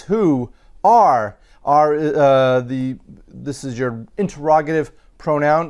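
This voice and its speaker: A man teaching Latin, working slowly through sentences and parsing each word aloud, with frequent pauses and fillers. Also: a little high, darkish tone, clear, resonant tone. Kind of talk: recorded grammar lesson.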